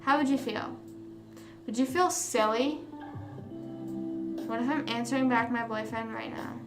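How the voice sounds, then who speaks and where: Chatting casually with her live viewers, a young woman livestream host rambles and corrects herself, full of fillers and false starts. Her slightly high voice moves a little slowly. The room sounds echoey, with music clearly audible behind her.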